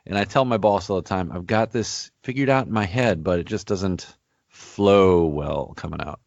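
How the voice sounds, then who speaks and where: A man's voice: low voice, normal speed, gravelly, darkish tone, no room sound, lo-fi sound. A man hosting a podcast in casual chat, rambling and self-deprecating, often restarting his sentences. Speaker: podcast host.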